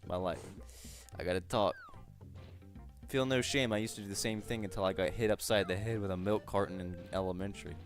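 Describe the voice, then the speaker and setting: A man's voice: deep voice, fairly even intonation, fairly quick. A man streaming a video game live, chatting in a rambling, self-mocking and jokey way. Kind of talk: live gameplay commentary. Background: faint game music.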